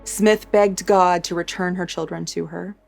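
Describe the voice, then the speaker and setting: A woman narrates a true crime story in a steady, measured scripted read. Her voice sits a little low. Soft music plays faintly beneath her. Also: gravelly. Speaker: true crime channel host. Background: soft background music.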